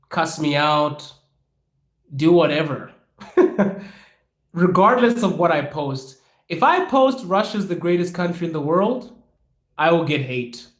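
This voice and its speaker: Echoey, animated male podcast host. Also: on the high side. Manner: animated, acts out quoted people with laughs. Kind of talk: casual Q&A monologue. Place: lives in Russia.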